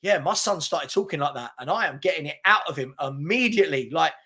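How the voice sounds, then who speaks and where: A man co-hosting a football podcast, telling stories in a casual, excitable, incredulous way. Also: a little high, fairly quick, husky. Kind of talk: casual chat.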